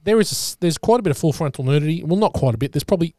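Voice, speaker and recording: Aussie podcast host, chill, keeps tripping over his words, slightly high voice, dry close sound. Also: racing, dry recording. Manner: relaxed, stammering restarts. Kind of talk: casual chat.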